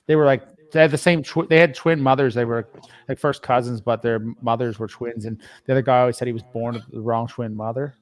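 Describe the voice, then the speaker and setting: A man from Canada talking loosely in a relaxed podcast chat. His delivery rambles and hesitates, with plenty of fillers and stalls. His voice sits at an ordinary middle pitch. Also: quick pace, no room sound. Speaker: podcast co-host. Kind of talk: casual chat.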